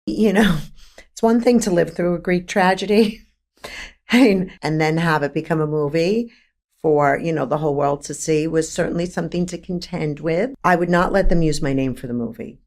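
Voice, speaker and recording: A woman in her fifties with a New York accent, a therapist speaking as a podcast guest, frank and animated, laughing often and stacking emphatic lists. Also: low voice, moderate pace. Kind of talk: candid conversational interview.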